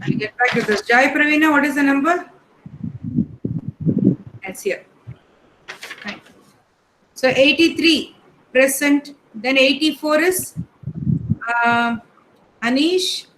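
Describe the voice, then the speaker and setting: A woman teacher, calling the roll in an online class in a brisk, matter-of-fact way. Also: sits high, animated, fairly bright tone, a little hiss or hum, poor audio. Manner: reads names one by one in a brisk, matter-of-fact way.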